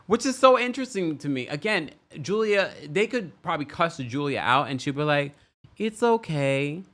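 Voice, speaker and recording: A man's voice: fairly high pitch, expressive, fairly quick, pushed and bright. A man hosting a livestream who chats and gossips about a reality show, reads viewer comments aloud and laughs often. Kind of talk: casual reality TV recap commentary.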